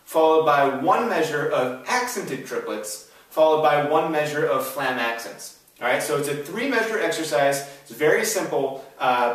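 A man's voice: a little high, a bit bright. Upbeat man teaching drums in an echoey room. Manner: upbeat, keeps checking in with "all right?" and "right?". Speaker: drum instructor. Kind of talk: instructional drum lesson. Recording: very echoey room, voice a bit far from the mic.

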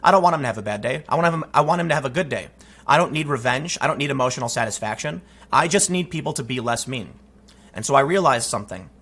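Male political commentator, emphatic and talky; forceful delivery with a husky rasp. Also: mid-range voice, animated, fast talker. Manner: emphatic, conversational, frequent restarts. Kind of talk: opinion commentary, storytelling.

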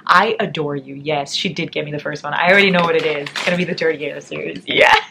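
A young woman chatting excitedly as she opens book mail on her vlog, gushing over every gift. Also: low voice, quick pace, creaky, slight background noise. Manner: gushing, excitable, reads notes aloud. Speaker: book vlogger. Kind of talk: casual chat unboxing book mail.

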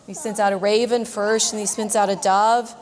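A woman reading a picture book aloud to children in a large church, lively, pausing to ask them questions. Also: mid-range voice. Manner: lively, asks questions, says "right?" often. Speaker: reader to children. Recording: long church reverb.

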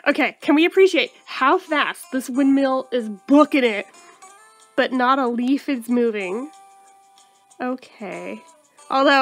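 A woman riffing on a game as she plays, sarcastic and profane, with a high voice. She mocks the game freely and laughs a lot. Faint game music plays behind her. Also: gravelly, fairly bright tone. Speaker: gaming video host. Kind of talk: let's play commentary.

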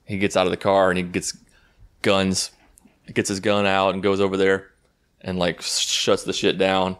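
A man's voice: low voice, level tone, normal speed, fairly bright tone. A man giving a sarcastic, jokey and profane recap of a movie for his channel. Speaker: YouTube movie reviewer.

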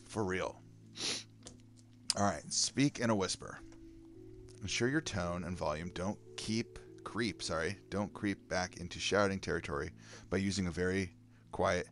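A man reading anger-management tips aloud and commenting on them candidly, in a casual vlog. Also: low voice. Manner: reads advice aloud then comments candidly, with sighs and laughs. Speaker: vlogger. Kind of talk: casual self-help video reading and reacting.

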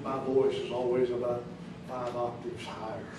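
A pastor preaching a sermon in a church, speaking emphatically with rising questions and sudden soft drops, with an American accent. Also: male voice, medium pitch, little pitch movement, normal speed. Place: church sanctuary. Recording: echoey church recorded from a distance, noisy.

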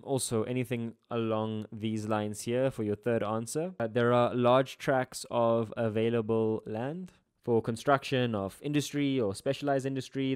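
A young man with a South African Durban accent and a mid-range voice, tutoring geography exam answers. His delivery is relaxed and chatty, with joking asides and playful slang between points. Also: medium pitch. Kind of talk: casual exam-answer walkthrough lesson.

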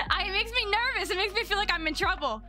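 A young woman streaming a game live, chatting casually with her viewers, bubbly and quick to thank them. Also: extremely high pitch, animated, pushed and bright, faint music behind. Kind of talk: casual live-stream chat while gaming.

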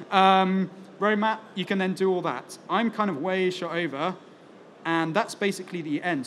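A man's voice: sits high, fairly bright tone, slight background noise. A man presenting on stage at a conference as a product evangelist, chatty and joking, with lots of fillers. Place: conference talk in front of an audience.

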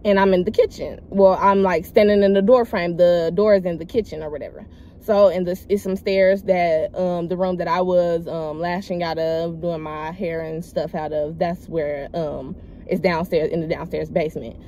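Talking straight to her audience as y'all, this young vlogger animatedly retells a personal story, rambling and slangy, punctuated by loud acted quotes. Her voice is on the low side at a moderate pace, with a bit of hiss or hum.

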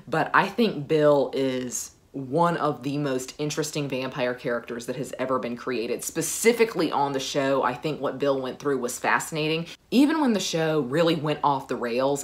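A woman with a low-pitched voice talks casually to her viewers. She gushes with enthusiasm and fills pauses with frequent uh sounds. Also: a bit bright. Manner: gushing, enthusiastic, frequent "uh" fillers. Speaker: book vlogger. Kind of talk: casual chat.

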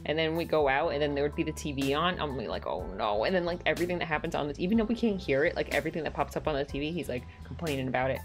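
A woman's voice: deep voice, very fast, hardly any pauses, soft background music. A woman streamer chatting casually at home while gaming, rambling with lots of "like" and getting heated when something annoys her. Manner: rambling, heavy use of "like".

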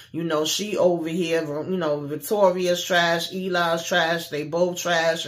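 A woman hosting a casual recap of a TV episode, retelling scenes in an animated, sassy, slangy way. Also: sits low. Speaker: show recap host.

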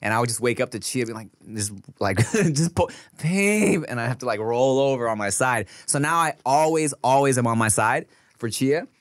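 A man's voice: mid-range voice, normal speed, no echo, clean studio sound. A man co-hosting a casual podcast, telling stories with lots of laughter and swearing. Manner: laughs a lot, swears freely, animated storytelling. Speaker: podcast co-host.

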